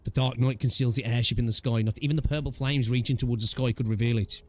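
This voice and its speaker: A man reads a game's story aloud for his channel at a middle pitch. His delivery is straightforward, with casual jokes and asides dropped between lines. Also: fairly even intonation, fast talker, few pauses, darkish tone. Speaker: gaming YouTuber. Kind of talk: reading a game story aloud.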